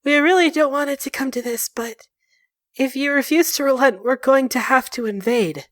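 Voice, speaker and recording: A woman voicing a calm diplomatic envoy who speaks polite and measured. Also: high voice, dry recording, studio quality, pitched above the performer's own voice, close to an everyday voice. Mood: earnest.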